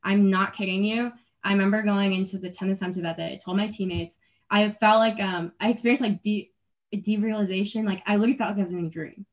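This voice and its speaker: A woman's voice: medium pitch, steady tone, fast talker. Young adult woman, interview guest; earnest, rambling delivery, frequent restarts and light laughs. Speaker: athlete guest. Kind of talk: casual interview.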